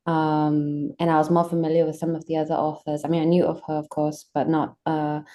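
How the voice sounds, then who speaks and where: A woman's voice: low-pitched, completely flat delivery, brisk, dark tone. A woman artist chatting casually on a video call, hesitant with many restarts. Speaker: artist guest.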